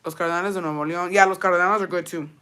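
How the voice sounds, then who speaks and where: This Texas streamer talks racing-fast with viewers in a casual chat, her pitch on the low side and her intonation fairly even. Her tone is bright, forceful and smooth as she swears freely and flips between Spanish and English in a chatty manner.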